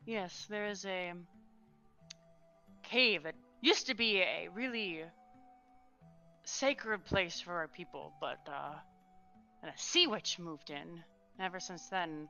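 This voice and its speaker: A weary, gentle island leader, soft and apologetic, stretched thin by her people's troubles, as a woman game master puts her on. Her voice is bright and smooth, with music playing quietly under it. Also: on the low side, takes it slowly, pauses often, full character voice. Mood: earnest.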